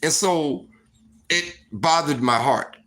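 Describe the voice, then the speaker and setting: A man telling a story in a casual monologue, profane and animated, full of fillers like "like" and "you know.". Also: fairly high pitch, slow. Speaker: storytime vlogger.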